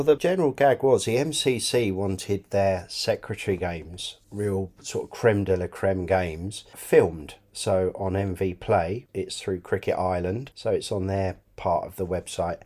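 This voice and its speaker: Man, fairly low pitch, enthusiastic, casual chat. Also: darkish tone. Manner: chatty, enthusiastic, repeats words as he talks. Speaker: club cricket scorer and podcast guest.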